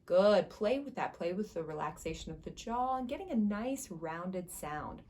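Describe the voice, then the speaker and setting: A woman's voice: lowish voice, lively intonation, moderate pace, darkish tone. A woman voice teacher giving an instructional singing lesson, guiding step by step with encouragement.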